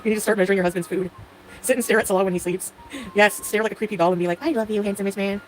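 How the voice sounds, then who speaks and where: A woman's voice: medium pitch, fairly even intonation, racing, rough recording. A woman hosting a live stream, answering chat commenters by name in a sarcastic, joking way and laughing often. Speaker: livestream host reading chat.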